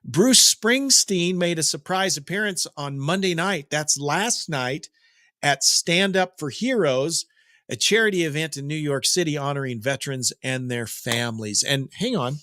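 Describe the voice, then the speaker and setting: A man's voice: on the high side, animated, a little slow, bright, forceful tone, no room sound, studio quality. A middle-aged man hosting a daily rock news update, chatting casually with jokes and digressions. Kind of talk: casual rambling commentary.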